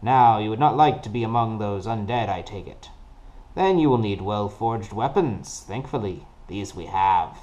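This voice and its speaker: A man voicing a shrewd male weapon-smith merchant with a put-on foreign accent, giving an ominous sales pitch. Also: animated, moderate pace, darkish tone, lightly acted. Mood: ominous salesman.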